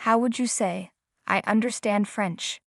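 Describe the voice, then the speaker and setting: A woman teaching a language lesson, asking learners questions and calmly explaining a pronunciation rule. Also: mid-range voice, unhurried, gravelly, dry recording, studio quality. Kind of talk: scripted lesson prompts and explanation.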